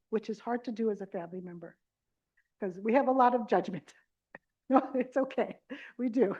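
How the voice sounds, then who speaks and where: A middle-aged woman with a high, bright-sounding pitch leads a caregiver workshop before a live audience. She talks in a chatty, animated way and acts out quick scenes. The recording is dull and lo-fi. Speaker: dementia care trainer. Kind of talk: live conference workshop talk.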